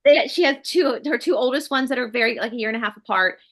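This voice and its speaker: A woman from the States, co-hosting a casual chat and telling stories in an animated way, acting out what people said. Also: on the high side, quick pace. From Southern United States. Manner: animated storyteller, acts out quotes. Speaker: co-host. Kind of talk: casual conversation.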